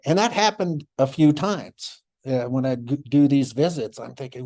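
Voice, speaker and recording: Middle-aged man, warm mellow tone, reflective storytelling, soft laughs, restarts. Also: medium pitch, unhurried. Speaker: former child welfare caseworker, symposium speaker. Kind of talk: storytelling conference talk.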